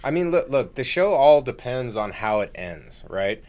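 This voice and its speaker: A man's voice: mid-range voice, sing-song, moderate pace, darkish tone. A man co-hosting a podcast, chatting casually and earnestly arguing his points with analogies. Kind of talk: casual chat.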